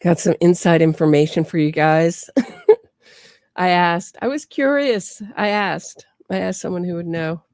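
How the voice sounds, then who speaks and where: Chatty woman host with a gravelly voice. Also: fairly low pitch, unhurried, a little mellow, no echo. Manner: chatty, talks to her chat viewers. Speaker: true crime podcast host. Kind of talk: casual livestream commentary.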